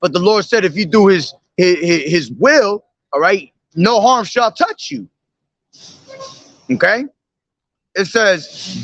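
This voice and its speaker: A man street preaching, reading scripture verses slowly and explaining them, checking in with repeated "okay?" and "all right?". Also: high-pitched, lively intonation, fairly bright tone, no echo, dull audio.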